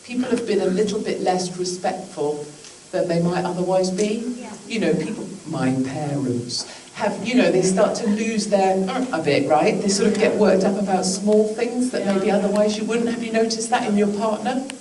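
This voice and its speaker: An Englishwoman with a British accent, medium-pitched and dark-toned at a normal speed, gives a political speech to a live audience in a large indoor venue. She's chatty, throwing in joking asides and acted-out quotes. The recording is distant and echoey, with crowd noise.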